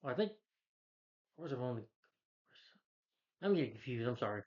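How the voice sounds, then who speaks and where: A man giving a casual, rambling movie review, retelling the plot with many fillers and putting on higher voices for the characters. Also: very animated, moderate pace, a little mellow, lo-fi sound. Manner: loose, filler-heavy retelling that jumps up in pitch for quoted characters.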